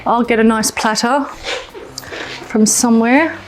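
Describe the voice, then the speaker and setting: An Australian woman hosts a casual cooking demonstration in her home kitchen, chatty and enthusiastic with frequent exclamations. Her voice is fairly high and fairly even in intonation, at a measured pace. Music plays underneath, with slight background noise.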